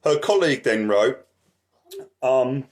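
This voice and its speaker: A man's voice: mid-range voice, animated, slow. A man ranting angrily in a vlog, swearing constantly and asking "right?" as he goes. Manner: shuffles through papers, voice drifts from the mic. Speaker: activist vlogger.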